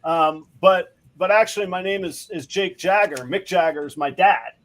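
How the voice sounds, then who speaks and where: High-voiced man rambling through a joke. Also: a bit bright. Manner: rambling, halting storyteller with many fillers. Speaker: show host. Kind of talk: telling a long shaggy-dog joke.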